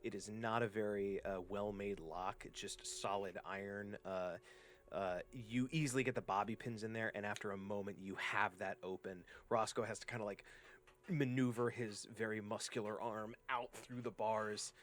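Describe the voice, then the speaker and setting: A game master narrating a tabletop game in a fairly low male voice. He rambles loosely, full of fillers and restarts as he describes the scene. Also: steady tone, moderate pace, fairly bright tone. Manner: rambling, many fillers and self-corrections.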